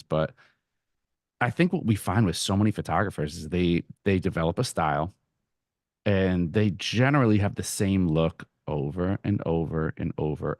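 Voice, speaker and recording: Deep-voiced host guy rambling into a question, excited, dry close sound. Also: no room sound. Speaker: interviewer, street photographer. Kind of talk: casual interview conversation.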